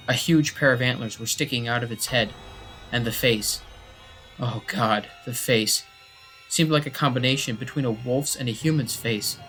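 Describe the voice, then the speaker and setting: A man telling a first-person horror story as scripted narration, in a steady, measured way. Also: mid-range voice. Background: faint background music.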